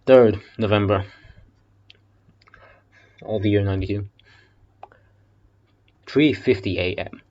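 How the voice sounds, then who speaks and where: Man, casual audiobook reader, low voice, joking and cursing, lo-fi muffled audio. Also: slow pace, long pauses, a little mellow. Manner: swearing, joking asides. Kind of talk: casual audiobook reading with asides. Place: basement.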